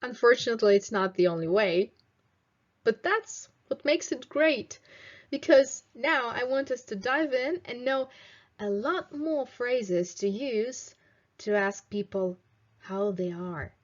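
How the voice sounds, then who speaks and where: Slow, clear young woman teaching English. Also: on the high side, lively intonation, highs cut off. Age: 20s. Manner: slow, clear teaching delivery with drilled example phrases. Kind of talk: video lesson for students.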